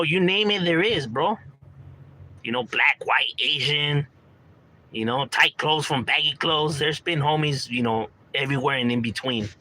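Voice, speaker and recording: A man's voice: medium pitch, bright, forceful tone, poor audio. A man talking casually in a monologue, full of street slang and "you know, bro," acting out quotes from friends. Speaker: commentator talking about gang culture.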